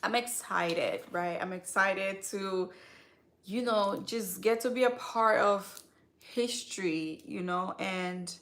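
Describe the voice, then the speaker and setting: A woman's voice: medium pitch, slow, a bit bright. A woman hosting a skincare live stream, chatting casually and straight to her viewers with slangy asides. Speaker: skincare channel host.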